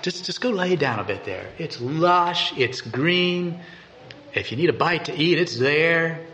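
A man's voice: medium pitch, a bit bright, slight background noise. A man giving a devotional meditation and reading scripture aloud in an earnest way, often repeating and restarting words. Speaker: preacher.

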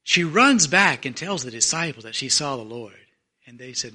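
High-voiced preacher telling a story. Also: male voice, expressive, brisk. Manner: storytelling, acting out voices, swings from loud to very soft. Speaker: pastor. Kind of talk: sermon.

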